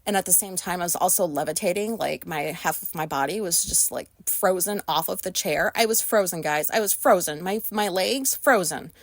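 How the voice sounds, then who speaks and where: A woman's voice: fairly low pitch, moderate pace, few pauses, dry recording. Brief: American woman vlogger, anxious rambling storyteller, dry close sound, swears a lot. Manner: rambling, swearing, many fillers; anxious retelling, voices others in quotes. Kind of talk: casual storytelling.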